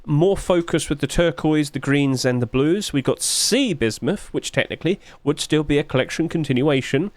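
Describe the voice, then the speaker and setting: A sleepy man chatting his way through game skin reviews, rambling along with sudden high-pitched exclamations. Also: lively intonation, normal speed, few pauses, no room sound. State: sleepy, yawning. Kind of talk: casual screen commentary.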